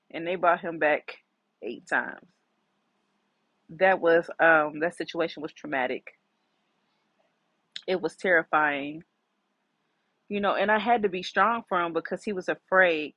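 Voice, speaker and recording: A woman's voice: fairly low pitch, a bit bright, dry recording, muffled recording. Candid middle-aged woman telling a personal story. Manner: candid and reflective, many fillers. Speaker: podcast host.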